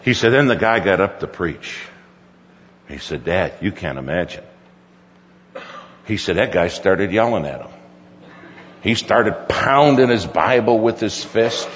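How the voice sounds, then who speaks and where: A man's voice: on the low side, animated, measured pace, pauses often. Man, middle-aged pastor, folksy storytelling sermon, long hall echo, faint room noise. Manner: folksy storyteller, quoting his son at length. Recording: dull recording with hall reverb.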